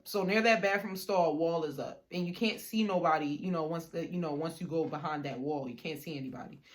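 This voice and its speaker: A young woman vlogger telling a personal story in a casual storytime, chatty and slangy with lots of "like" and "you know". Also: fairly low pitch.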